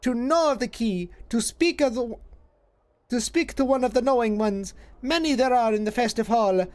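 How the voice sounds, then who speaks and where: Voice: mid-range voice, a little mellow, voice pushed up, lightly acted. A streamer voicing an ancient female hag, cryptic and possessive, with archaic twisted phrasing and a drifting put-on foreign lilt. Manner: archaic twisted word order, hissing and drawn-out.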